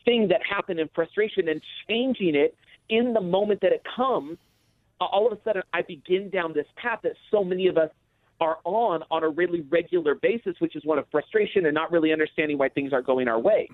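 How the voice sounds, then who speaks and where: A man with a fairly high voice tells stories with energy and acts out his own reactions. He comes through a thin, phone-like line with no room sound around him. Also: dry recording. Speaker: guest. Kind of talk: podcast conversation.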